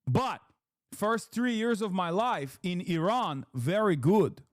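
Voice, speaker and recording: A man's voice: high voice, expressive, slow, dry recording, clean studio sound. A man streaming live, reacting to clips with profane, laughing asides. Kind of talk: live commentary.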